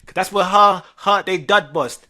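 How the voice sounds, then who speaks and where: Young New man, podcast co-host, high and bright, animated trash-talker. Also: normal speed. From New York. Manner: animated, rambling, heavy slang and filler, trash-talking. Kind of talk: casual sports chat.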